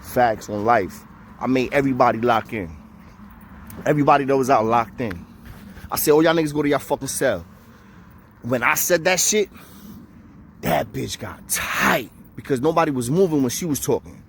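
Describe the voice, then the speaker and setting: A man's voice: medium pitch, normal speed, a little hiss or hum. A man telling a jail story to camera in casual street slang, acting out the voices of the people in it. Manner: animated, acts out quoted voices, profane street slang. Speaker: storyteller recounting jail time.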